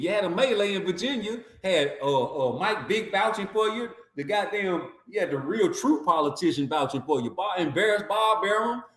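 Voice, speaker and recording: A man's voice: sits high, roomy sound. A man, delivering a profane, mocking, heated boxing rant. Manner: trash-talking, mocking, heated. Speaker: boxing commentator.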